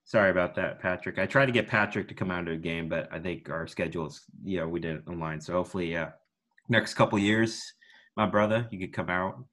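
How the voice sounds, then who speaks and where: Deep-voiced young man rambling about sports. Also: brisk, fairly bright tone. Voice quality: baritone. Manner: rambling, self-deprecating, with sudden announcer-style bursts. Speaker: guest, student broadcaster. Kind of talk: casual podcast chat.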